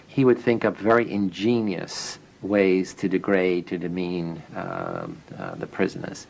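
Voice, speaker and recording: An older man, a researcher, recalling an experiment in an interview, reflective and halting. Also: low voice, lively intonation, vocal fry, poor audio. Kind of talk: recorded interview recollection.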